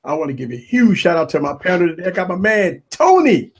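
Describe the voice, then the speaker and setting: A man hosting a live tech talk stream, giving loud shout-outs to viewers and panelists in casual, hyped chat. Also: high-pitched, fast talker, slightly rough. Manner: hype, repetitive shout-outs, animated. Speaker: livestream tech show host.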